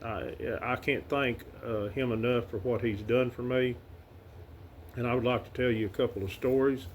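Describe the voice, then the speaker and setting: A middle-aged man with a Southern Arkansas accent, telling personal stories to the camera about his late father in a halting, heartfelt way with many fillers and restarts. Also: mid-range voice, fairly even intonation, slight background noise. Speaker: son paying tribute to his late father. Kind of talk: casual heartfelt storytelling to camera.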